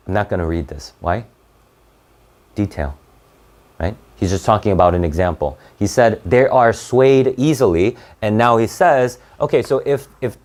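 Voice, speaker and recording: Male tutor, slightly low voice, casual think-aloud lesson. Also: a little mellow. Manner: thinks aloud, restarts, frequent "right?". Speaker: test prep tutor. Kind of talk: online reading lesson.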